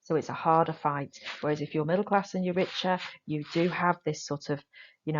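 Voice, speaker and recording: A woman drama teacher explaining a lesson to her students, stressing the key points with lively emphasis. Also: sits low, brisk, muffled recording. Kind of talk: recorded classroom lesson.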